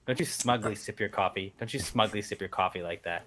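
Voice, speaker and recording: Casual co-host, man with a bright tone, angry and sweary. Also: lowish voice, fairly quick, hardly any pauses, slight background noise. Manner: ranting, profane, exasperated. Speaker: podcast co-host. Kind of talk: casual chat.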